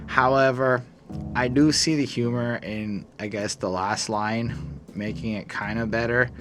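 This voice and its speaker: A man's voice: medium pitch, steady tone, a little slow, over music. A young adult man hosting a casual album-review podcast, laid-back and joking, swearing freely. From Canada. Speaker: podcast host. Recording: clear background noise.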